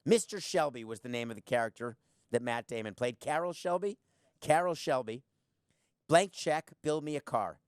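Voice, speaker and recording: A man's voice: mid-range voice, lively intonation, normal speed, clean tone, no echo, studio quality. A man hosting a podcast in blunt, sarcastic solo commentary, firing off rhetorical questions. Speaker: podcast host.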